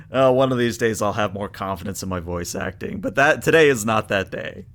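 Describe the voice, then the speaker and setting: Low-voiced man running a tabletop game. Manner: relaxed, explaining dice rules. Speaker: game master.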